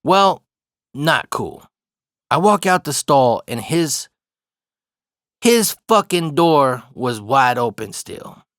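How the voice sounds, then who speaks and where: A man in the middle of a casual personal story, cursing freely and laughing along as he goes. His voice sits at an ordinary middle pitch. The sound is close and dry, with no room around it. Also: very animated, slow, long pauses, fairly bright tone, no echo. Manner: profane, laughs through the story.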